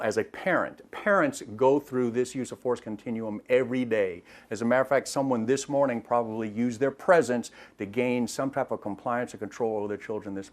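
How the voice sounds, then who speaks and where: A middle-aged man, a retired police officer, explaining things in an interview in a plain way and often repeating words as he thinks. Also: lowish voice.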